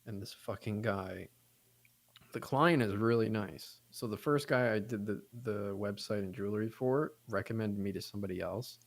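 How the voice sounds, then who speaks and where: A man's voice: on the low side, normal speed, creaky. A young adult man casually telling a long, profane story on a podcast, acting out the people he quotes. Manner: rambling, profane, animated retelling with quoted voices. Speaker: podcast co-host.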